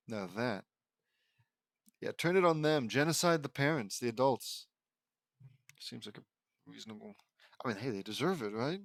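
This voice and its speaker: Here a man reads fan fiction aloud as a sarcastic dramatic performance, breaking in with dry, mocking commentary. His medium-pitched voice is expressive and gravelly, keeping a moderate pace with long pauses. The recording is dry.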